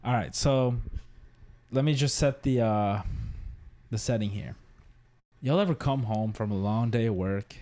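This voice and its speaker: A man's voice: fairly low pitch, a little slow, mellow. A man hosting a podcast, telling a funny story in a slangy way, laughing often and acting out what people said. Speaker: podcast host. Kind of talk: casual storytelling chat.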